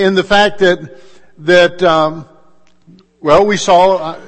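A man preaching a sermon as pastor, in a measured style with emphatic pauses and conversational asides. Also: high-pitched, long reverb tail.

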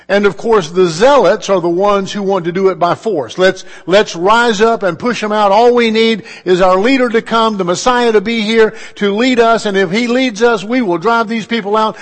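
A man preaching a sermon as pastor, in a measured style with emphatic pauses and conversational asides. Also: sits high, long reverb tail.

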